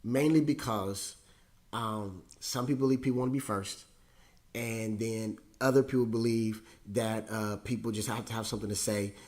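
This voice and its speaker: A man's voice: lowish voice, fairly even intonation, moderate pace, a little mellow. Rambling, wry man hosting a chat. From United States. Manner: rambling, conversational, with many fillers and repetitions; wry, self-mocking humor. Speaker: host. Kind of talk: casual monologue.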